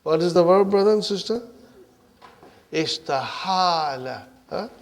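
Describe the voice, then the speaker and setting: Higher-voiced man teaching Arabic grammar. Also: steady tone, fast talker, darkish tone. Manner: checks in often with "huh?" and "are you with me?"; reads the Arabic lines aloud, then explains them in English. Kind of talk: classroom lesson.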